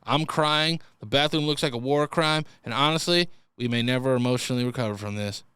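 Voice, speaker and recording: A man's voice: mid-range voice, brisk, sharp tone, smooth, no room sound, clean studio sound. A young man hosting a comedy podcast, reading listener stories and riffing crudely, often slipping into silly voices. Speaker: podcast host.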